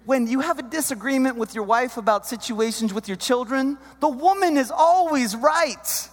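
A man in his thirties telling a comic story, chummy and animated, talking to the guys. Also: extremely high pitch, normal speed. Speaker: comedic storyteller. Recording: echoey hall, long reverb.

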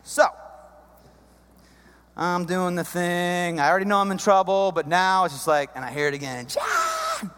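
Man, 30s, comic storyteller; high, bouncy voice, long hall reverb. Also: normal speed, pauses often, smooth. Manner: animated, chummy, addresses the guys. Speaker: comedic storyteller.

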